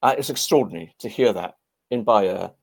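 Gravelly-voiced man, animated storyteller, former army clergyman, interview guest. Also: on the low side, brisk. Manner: animated, anecdotal.

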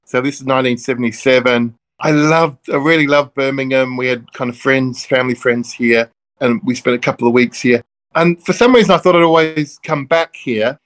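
A middle-aged man from Melbourne, a minister, telling stories in a relaxed conversational way that wanders off on tangents with self-deprecating jokes. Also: medium pitch, moderate pace. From Melbourne, Australia. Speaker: interview guest, Church of Christ minister.

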